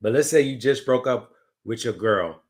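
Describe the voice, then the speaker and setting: A man hosting a casual interview, asking questions in a relaxed way. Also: medium pitch, moderate pace. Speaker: podcast host.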